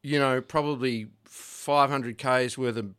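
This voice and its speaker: A man's voice: mid-range voice, fairly even intonation, a little slow, a bit bright, smooth. A man with an Australian accent, a music producer, telling a loose story full of fillers and swearing. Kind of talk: casual storytelling.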